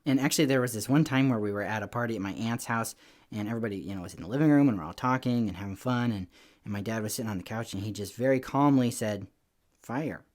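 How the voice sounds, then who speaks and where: A man giving a lively children's church lesson, telling stories in an animated, playful way with little voices. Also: lowish voice, fast talker. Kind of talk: lively kids' lesson talk.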